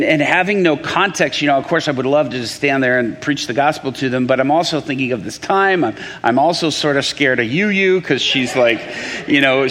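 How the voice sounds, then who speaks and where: A man preaching, telling a testimony story with lively pacing, frequent restarts and acted quotes. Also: medium pitch. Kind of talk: testimony sermon. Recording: long hall reverb.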